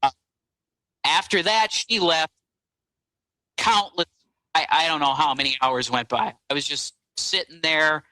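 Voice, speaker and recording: A man guest on a talk show, recounting events in a halting, rambling way with many fillers. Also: fairly high pitch, pushed and bright, no room sound, poor audio. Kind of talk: casual phone-in interview.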